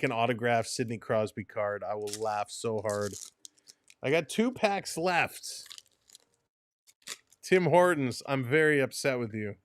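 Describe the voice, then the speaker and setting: Casual male streamer, exasperated and grumbling, smooth voice, close dry mic. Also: mid-range voice, no room sound. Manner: frustrated, exasperated, talks to himself and chat. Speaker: live stream host. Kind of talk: casual live-stream chat.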